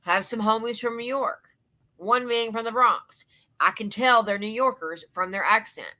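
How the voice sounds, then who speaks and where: A woman's voice: fairly high pitch, moderate pace, pushed and bright. A woman from Louisiana with a Southern accent, giving a profane, indignant reaction commentary. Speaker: commentary YouTuber.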